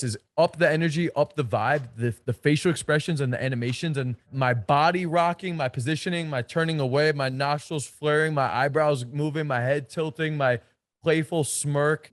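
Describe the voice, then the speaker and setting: A man's voice: a little high, dry recording. A man giving a casual coaching talk as a dating coach, blunt and slangy, with frequent swearing and emphatic stresses.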